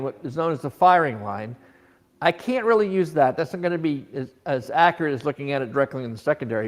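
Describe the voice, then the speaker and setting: A man teaching an automotive technical seminar, explaining scope patterns with rhetorical questions and frequent restarts. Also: fairly high pitch.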